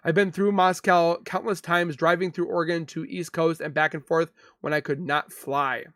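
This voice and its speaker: A young man hosting a casual livestream, reading viewer comments aloud and reacting in a loose, chatty way with quick asides and restarts. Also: on the high side, little pitch movement, a bit bright, no room sound, clean studio sound. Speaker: livestream host reading chat. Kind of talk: casual live chat.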